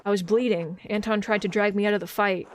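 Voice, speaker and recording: A woman reading the lines of a grieving elderly father and widower in a game, in a slow, sorrowful storytelling manner. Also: medium pitch, fairly even intonation, a little hiss or hum, lightly acted. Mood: bitter.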